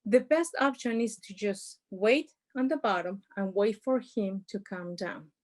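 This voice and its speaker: A woman's voice: medium pitch, unhurried, darkish tone. A woman giving an informal workshop talk on parenting over a video call, explaining with everyday examples in non-native phrasing. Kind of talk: informal presentation.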